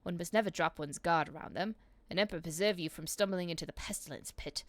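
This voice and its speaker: A stern, scornful male enforcer captain, as a woman puts him on, speaking in stiff, officious military phrasing. The voice sits fairly low and sounds dry and close, with no room around it. He reads like game dialogue. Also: fast talker, no echo, close to an everyday voice. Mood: stiff formal. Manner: formal, stiff military speech. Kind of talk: reading game dialogue aloud.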